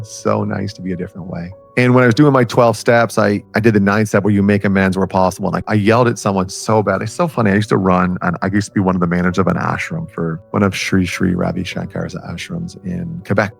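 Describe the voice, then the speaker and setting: A man's voice: on the low side, vocal fry. A middle-aged man telling his own story and giving advice to the viewer in an earnest, rambling way, often asking direct questions. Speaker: self-help speaker. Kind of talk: personal story and advice to camera.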